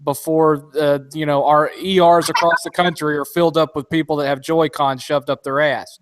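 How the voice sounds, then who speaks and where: A man's voice: on the high side, level tone, normal speed, noisy background. A man talking in a casual podcast chat, rambling with many restarts and fillers.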